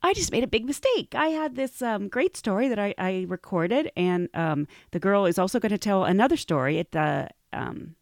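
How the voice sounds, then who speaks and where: Woman, podcast host, casual storyteller, giggly, animated, very lively pitch, dry sound. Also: moderate pace, vocal fry, few pauses, dry recording. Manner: giggly, animated, acts out quoted voices.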